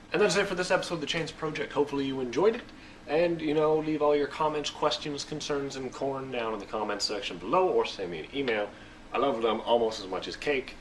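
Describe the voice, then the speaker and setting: A young man hosting a casual, jokey reading and explanation of a scripture passage, recorded from a distance with faint noise. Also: mid-range voice. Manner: goofy, slangy, jokey. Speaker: show host.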